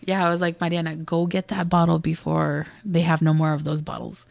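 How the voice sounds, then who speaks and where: A woman's voice: sits low, level tone, a little fast, gravelly, a little mellow, no room sound. A woman co-hosting a podcast in casual chat, laughing often and acting out the people in her stories. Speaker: podcast co-host.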